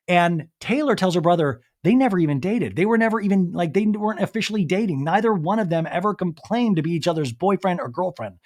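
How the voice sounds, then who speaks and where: A young man hosting a podcast, recapping reality TV in casual chat, animated and quick to quote people. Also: high-pitched.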